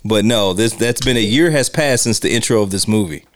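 A man's voice: on the low side, brisk, dry recording, studio quality. A man co-hosting a casual film commentary podcast, recounting scenes and quoting lines. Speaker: podcast co-host.

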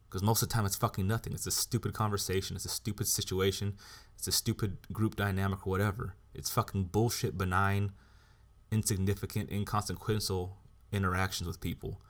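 Swearing nearly every sentence, a low-pitched podcast host rants loosely and without a filter on his solo show. His delivery is flat and fairly quick, with a fairly bright tone, and he's entirely blunt.

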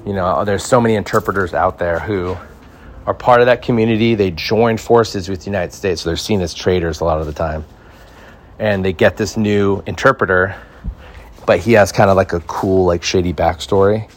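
A man's voice: low voice, normal speed. A man from Mexico hosting a comedy podcast, rambling and joking as he tells stories. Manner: rambling, joking, animated storytelling. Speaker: podcast host. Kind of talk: casual comedy chat.

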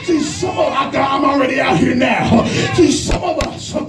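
A middle-aged man, a pastor, preaching a sermon in a shouting, rhythmic style with much repetition. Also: very high-pitched, moderate pace, gravelly. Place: church sanctuary. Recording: roomy church hall with live crowd and music, mic at a distance.

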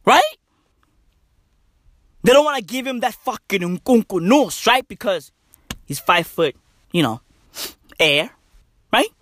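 A woman's voice: medium pitch, lively intonation, slow pace, pauses often, a bit bright, no room sound. A woman from Africa, delivering a profane, slang-heavy comedic rant that keeps checking in with "right?". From South Africa.

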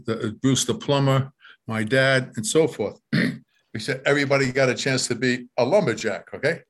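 An older man telling neighborhood stories in a relaxed, rambling way at an ordinary pitch, repeating words as he goes. He chuckles often and keeps checking in with his listener. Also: moderate pace. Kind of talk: casual reminiscing.

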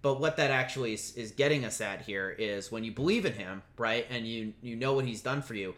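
A man who is a pastor, talking through questions of faith in a relaxed podcast chat and often checking in with "right?". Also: medium pitch, fairly quick. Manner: thoughtful, explaining scripture with many fillers and restarts, "right?" checks.

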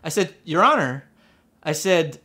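Man, casual storytelling, rambling, fillers and restarts, slightly higher pitch. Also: very animated, unhurried, bright, forceful tone, husky. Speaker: motorcycle rider telling a personal story.

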